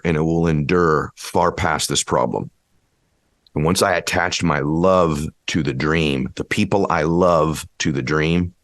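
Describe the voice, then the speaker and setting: A man giving a motivational speech, preachy and building to impassioned shouting. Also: a bass voice, no room sound, studio quality. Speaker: motivational speaker.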